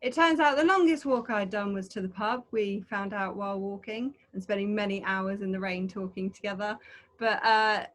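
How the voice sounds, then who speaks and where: A woman's voice: mid-range voice, fairly bright tone. Chatty woman co-presenting an adventure talk. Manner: chatty, rambling, with frequent fillers. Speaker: co-host of an online adventure talk. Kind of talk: casual presentation over a video call. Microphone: video call.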